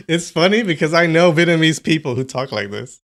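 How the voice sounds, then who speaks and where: A man's voice: a little high, a bit bright. Chatty male livestreamer. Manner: chatty, laughs often, thinks aloud. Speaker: streamer. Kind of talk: casual livestream chat.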